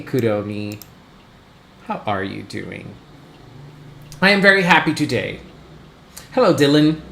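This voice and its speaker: A man hosting a casual live stream, excitably chatting and greeting his viewers one by one. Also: mid-range voice. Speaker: livestream host. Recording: roomy echo.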